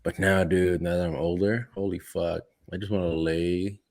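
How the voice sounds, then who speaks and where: Laid-back deep-voiced man swearing and laughing. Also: steady tone, moderate pace, darkish tone. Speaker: podcast co-host. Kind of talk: casual chat.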